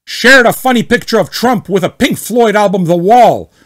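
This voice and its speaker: A man putting on a raging, shouty ranter. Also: fairly high pitch, very animated, full character voice. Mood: enraged. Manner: shouty, indignant, drawn-out delivery. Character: furious adult man ranting in an online post.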